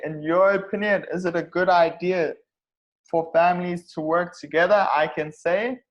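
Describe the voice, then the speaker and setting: A man's voice: a little high, rough recording. A man teaching an online English speaking class, patient and repetitive, checking in with the students after nearly every sentence.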